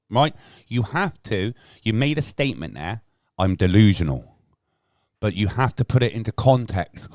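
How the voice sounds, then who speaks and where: A man's voice: on the low side, no echo, clean studio sound. A man, bluntly arguing with his chat on a casual livestream and swearing now and then. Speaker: livestream host.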